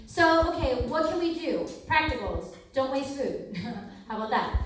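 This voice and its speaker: A young adult woman giving a lively storytelling talk, acting out the people in her stories and laughing often. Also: high voice, measured pace. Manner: animated, acts out quoted people, laughs often. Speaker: speaker at a campus ministry talk. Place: hall at a university ministry center. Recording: very echoey hall, mic far off.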